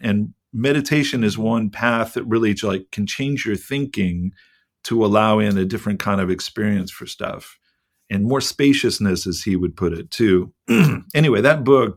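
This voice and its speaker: A man's voice: on the low side, moderate pace. A middle-aged man in casual podcast chat, rambling and candid, with lots of "like" and the odd swear word. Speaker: podcast co-host.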